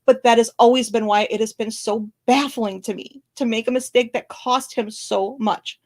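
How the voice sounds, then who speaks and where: Woman host on camera, tearful, fast and blunt, fairly high voice, frequent apologies. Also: fairly even intonation. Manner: fast, blunt, candid talk with many apologies and restarts. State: tearful, crying on and off. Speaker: channel host commenting on a legal case. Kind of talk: emotional live-stream commentary. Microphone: camera recording.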